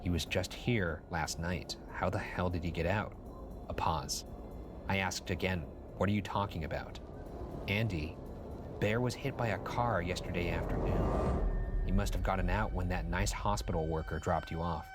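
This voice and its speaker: A man's voice: low-pitched, normal speed, music in the background. A man hosting a show, reading a spooky story aloud and chatting with a co-host between parts. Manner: animated, laughs often. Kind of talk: story reading with casual chat.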